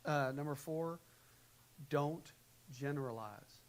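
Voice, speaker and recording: A man preaching a sermon in a church, animated, shifting between quiet, calm advice and loud, acted-out quotes. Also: a little high, slow, poor audio. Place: church sanctuary. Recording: faint hiss, live church recording.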